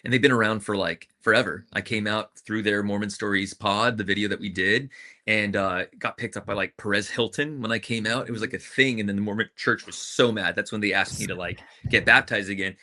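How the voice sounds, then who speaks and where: Bright-voiced animated man, frank storyteller. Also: fairly low pitch, a little fast. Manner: animated, swings between loud and soft, swears freely. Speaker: interview guest, professional dancer. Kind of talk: candid interview storytelling.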